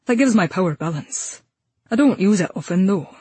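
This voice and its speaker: Steady male warrior ally; woman narrator voicing him, matter-of-fact, husky. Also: medium pitch, normal speed, no room sound. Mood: calm concerned. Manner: calm, concerned, matter-of-fact.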